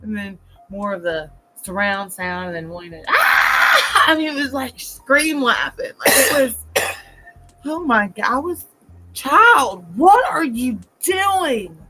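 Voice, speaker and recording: A woman co-hosting a casual chat show, telling a family story with animated, shouted quotes. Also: mid-range voice, normal speed, soft background music, rough recording. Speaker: podcast co-host.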